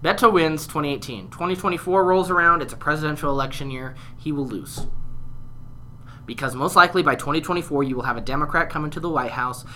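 A young man co-hosts a casual political podcast with a bright, somewhat high voice. He trades opinions with a teasing, joking edge, over a faint background hum. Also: quick pace. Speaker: podcast co-host.

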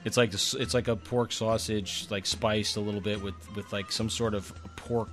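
A man's voice: fairly low pitch, steady tone, moderate pace, soft background music. A man co-hosting a podcast, telling a trip story in a chatty, rambling way, often restarting his sentences. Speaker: podcast co-host.

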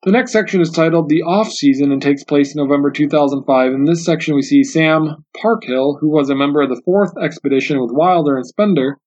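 A man hosting a solo book discussion podcast, speaking in an earnest, reflective way and often restarting his sentences, and reading passages aloud slowly and carefully. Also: on the high side, darkish tone. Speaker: podcast host. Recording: dull, muffled lo-fi audio.

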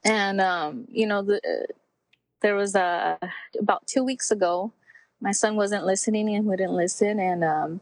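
A woman in her forties talks openly as a guest in an interview. Her mid-pitched voice is heartfelt and reflective, with frequent pauses and fillers. The sound is dry and close, with no room echo. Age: 40s. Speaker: podcast guest. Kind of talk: candid personal interview.

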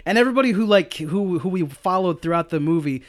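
A man's voice: high voice, lively intonation, quick pace. A man co-hosting a casual movie review podcast, rambling and repeating words, laughing often. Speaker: podcast co-host.

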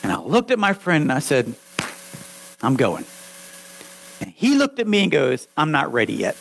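A man preaching a sermon, telling his own testimony with animated storytelling that swings from hushed lines to loud ones. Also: fairly high pitch, moderate pace, gravelly, a little hiss or hum, rough recording. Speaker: pastor.

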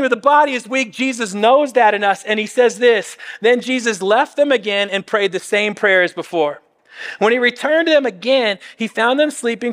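Male pastor, high voice, earnest and chatty delivery, echoing sanctuary reverb. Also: a bit bright. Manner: earnest, conversational preaching with dramatic quoted asides. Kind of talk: sermon.

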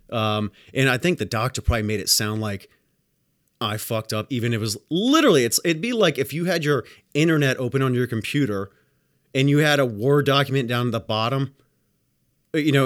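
This studio-quality, dry recording features a man with a medium-pitched voice. A home health nurse by trade, he rants casually, bluntly, and with plenty of profanity as he tells stories from work. His monologue is animated, and he performs other people's lines in different voices.

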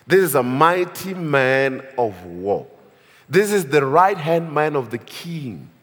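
A man's voice: on the high side, big pitch swings, slow, a bit bright. Emphatic male Bible teacher in reverberant hall. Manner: emphatic, chuckles while explaining. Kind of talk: reading and explaining scripture.

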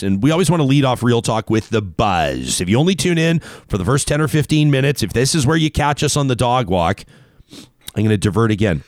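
A man's voice: mid-range voice, no echo, clean studio sound. A man hosting a talk show, chatting in a playful, digressive monologue.

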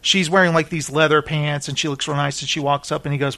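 A man's voice: a little high, fast talker, creaky. A man hosting a casual chat show, animatedly retelling reality-show scenes with many fillers. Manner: animated storyteller with lots of fillers. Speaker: podcast host.

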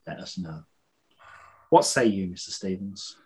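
Man, podcast host, chatty, laughs a lot, animated pitch. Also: unhurried. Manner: chatty, laughs between lines. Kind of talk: casual chat, reading listener answers.

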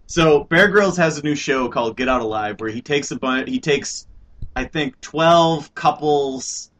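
A man's voice: on the high side, a little slow. A man co-hosting a casual group podcast, telling stories with animation and acting out the people in them. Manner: animated storyteller who acts out the people in his stories. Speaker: podcast co-host.

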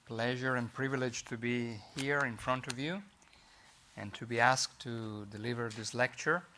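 A middle-aged man with an Italian accent, a native Italian speaker giving a formal lecture in English, measured and pausing often with fillers. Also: mid-range voice, bright, forceful tone, a little hiss or hum. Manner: measured, with frequent fillers and restarts. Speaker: guest lecturer.

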